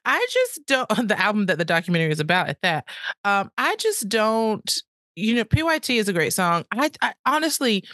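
A woman's voice: mid-range voice, no echo, clean studio sound. Outspoken woman podcast co-host. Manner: animated, outspoken, quick to laugh. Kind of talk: casual podcast chat.

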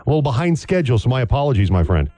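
A man's voice: medium pitch, sing-song, rapid-fire, warm tone, no echo. A man hosting a sports radio talk show, chatting easily with guests in a studio. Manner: easygoing, with frequent fillers. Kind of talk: casual sports radio chat. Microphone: studio microphone.

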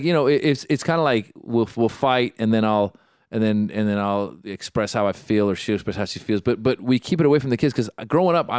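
A man's voice: fairly low pitch, clean tone, no echo, clean studio sound. A man in a casual podcast chat, easygoing and reflective.

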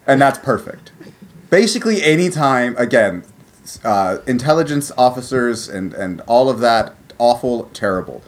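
A man's voice: medium pitch, moderate pace. A man co-hosting a casual podcast chat, talking animatedly and acting out quoted lines. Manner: animated, acts out quoted lines, swears freely. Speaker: podcast co-host.

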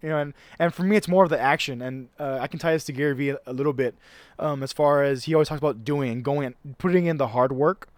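A man's voice: a little high, fast, no room sound. A man talking in a casual chat as a fitness coach, emphatic, with frequent restarts and casual swearing.

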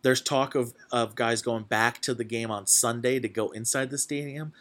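Young male host, mid-pitched, rambling and excitable, heavy on filler words. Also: normal speed. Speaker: podcast host. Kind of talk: casual chat.

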